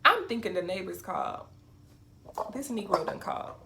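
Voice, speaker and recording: A woman's voice: medium pitch, very animated, normal speed, vocal fry, sharp tone, a little hiss or hum. A young woman vlogger telling a casual storytime, acting out quotes and laughing often.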